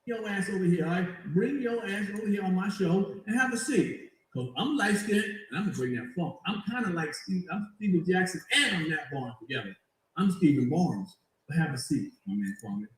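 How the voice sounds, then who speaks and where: A man hosting his own show, teasing a rival in lively casual commentary and mimicking others. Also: sits high, moderate pace, reverberant, rough recording. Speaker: show host.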